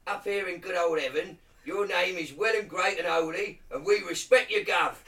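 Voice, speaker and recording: A man's voice: high-pitched, normal speed, a bit bright, pitched above the performer's own voice. Man putting on a cheery Cockney prayer reciter. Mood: chirpy. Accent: put-on Cockney. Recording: a little distant, faint background noise.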